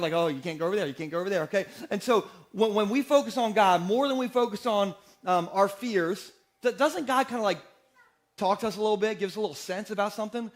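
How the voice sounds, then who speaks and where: A man in his forties preaching a sermon in a church, energetic and joking, often asking the congregation questions. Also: high-pitched. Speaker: pastor. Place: church sanctuary.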